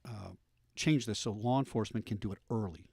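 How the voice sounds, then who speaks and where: A middle-aged man hosting a radio talk show, telling police stories with lively animated delivery. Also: fairly low pitch, a little fast, creaky, husky, dry recording, clean studio sound. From United States. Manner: animated storyteller, acts out voices in anecdotes.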